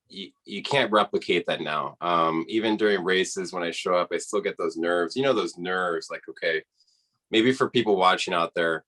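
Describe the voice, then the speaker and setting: A man with a fairly low voice recounts a story on a podcast interview. He talks casually and with energy, and slips into the voices of the people he quotes. The delivery is loose and conversational. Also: low-quality recording. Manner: animated storyteller who acts out quoted people. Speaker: interview guest, rower.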